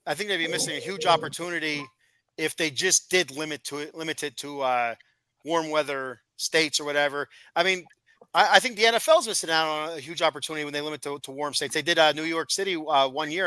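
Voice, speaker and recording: A man's voice: fairly high pitch, brisk, pushed and bright, dry recording, rough recording. A man hosting a wrestling podcast, talking casually and explaining at length with stammering restarts. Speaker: podcast host.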